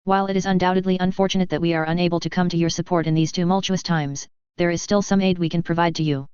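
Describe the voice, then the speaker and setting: A stiffly formal, diplomatic envoy, as a woman reading the story puts on the part. Low, clear voice in a dry, slightly dull recording. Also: fairly even intonation, quick pace, darkish tone, no room sound, lightly acted.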